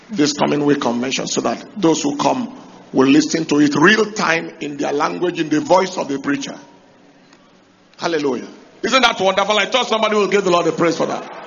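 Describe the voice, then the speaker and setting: A male preacher giving an emphatic sermon, raising his voice to shout key points and asking the congregation rhetorical questions. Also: a little high, creaky, dull audio, a little hiss or hum. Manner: emphatic, rising to shouts to drive points home.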